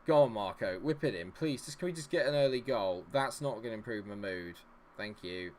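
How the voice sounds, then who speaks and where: A man's voice: on the low side, animated, brisk, a little mellow, slight background noise. A man streaming his own game, commentating live, exasperated, swearing and talking at the players on screen.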